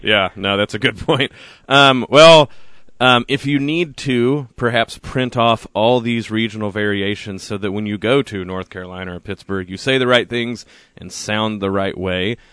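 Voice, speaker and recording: A man co-hosts a radio talk show, chatting in a joking, casual way with plenty of restarts. His voice is bright and crisp and sits a little low. The studio microphone sounds dry and close. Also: no room sound. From Oklahoma. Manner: jokey, quick laughs, frequent restarts.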